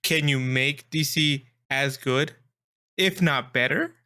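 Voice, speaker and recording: A man's voice: mid-range voice, slow, pushed and bright. A man co-hosting a casual movie review podcast, laughing often and poking fun at himself. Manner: laughs often, self-deprecating. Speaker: podcast co-host.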